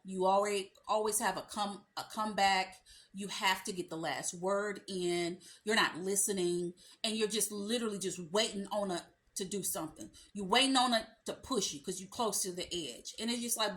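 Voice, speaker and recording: A woman's voice: medium pitch, moderate pace, fairly bright tone. Sassy woman dating coach talking to camera. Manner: sassy, emphatic, colloquial, addresses viewer as sis. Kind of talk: direct-to-camera advice talk.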